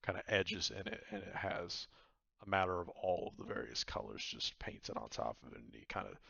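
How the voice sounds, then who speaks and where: A man's voice: deep voice, very animated, moderate pace, creaky, sharp tone, breathy edge, no room sound. A man narrating a tabletop game as game master, in a casual way with laughs and frequent swearing. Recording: dull lo-fi recording.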